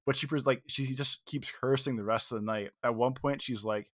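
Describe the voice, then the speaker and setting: A man in casual podcast chat who tells a story with animated, profanity-laced energy and acts out the quotes. His mid-range voice is close to the mic and dry, with no room sound. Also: mid-range voice, a little fast, no echo. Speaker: podcast co-host.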